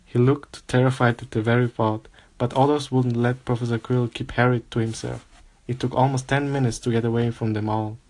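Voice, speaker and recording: A man's voice: mid-range voice, fairly even intonation, a little fast, darkish tone. Man reading a novel aloud steadily. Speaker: reader.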